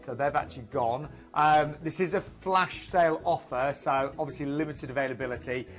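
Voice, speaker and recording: A man co-presenting a live TV cruise show, pushing the deals in brisk, upbeat sales talk. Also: fairly high pitch, soft background music.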